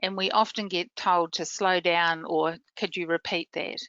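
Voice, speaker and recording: A middle-aged woman with a New Zealand accent presenting a scripted training webinar, explaining terms clearly with many examples. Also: on the low side, steady tone, normal speed, bright, forceful tone, no room sound, dull audio. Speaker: literacy manager presenting a webinar.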